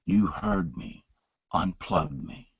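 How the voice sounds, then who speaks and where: Man doing a weak, failing old father: low, quiet, slow and strained, on a dull, dry recording. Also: gravelly, breathy edge, dry recording, heavily acted. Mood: pleading. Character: frail elderly father on life support, weak.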